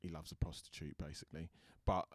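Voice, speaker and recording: A man's voice: extremely low pitch, level tone, fast, no room sound, studio quality. A British man, an actor guest, chatting thoughtfully in an interview and often restarting his sentences. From Britain. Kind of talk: casual interview chat.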